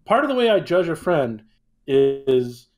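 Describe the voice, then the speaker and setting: A man's voice: fairly high pitch, sing-song, darkish tone. A man as a podcast guest, giving earnest opinions and cracking edgy jokes. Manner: earnest, joking, quick agreements. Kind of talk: casual chat.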